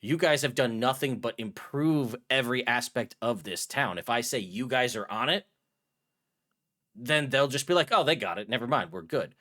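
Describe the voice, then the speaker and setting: A man voicing a harried town official in a tabletop game, rambling quickly and cutting himself off. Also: mid-range voice, animated, bright, forceful tone. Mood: flustered. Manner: rambling, rapid, self-interrupting. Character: harried male town official, fast-talking and overwhelmed. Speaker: dungeon master voicing a townsman. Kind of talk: tabletop role-play.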